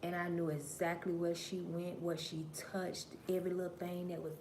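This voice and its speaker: Lady going live, kinda low voice, cussing and preaching at y'all, quiet one sec then loud the next. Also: little pitch movement, normal speed, a little hiss or hum. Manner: profane, preachy storytelling addressing viewers as y'all; swings between low murmurs and loud emphatic bursts. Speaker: livestream host. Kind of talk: casual livestream monologue.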